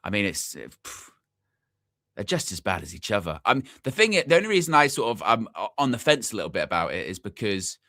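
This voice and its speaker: A man's voice: lowish voice, sing-song, fairly quick, pushed and bright, no echo, studio quality. A young man hosting a football channel's live stream, chatting casually, wandering off on tangents and repeating himself as he talks to the chat. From England.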